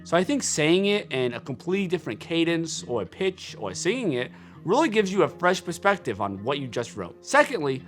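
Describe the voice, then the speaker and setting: Lively, upbeat young man explaining. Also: on the high side, fairly quick, faint music behind. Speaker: filmmaker sharing screenwriting tips. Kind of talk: scripted explainer narration.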